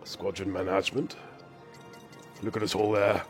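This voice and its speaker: A man's voice: deep voice, little pitch movement, moderate pace. A man chatting through a game stream, rambling and whimsical, a bit ill and hyper. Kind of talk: casual live-stream commentary. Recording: faint game music behind.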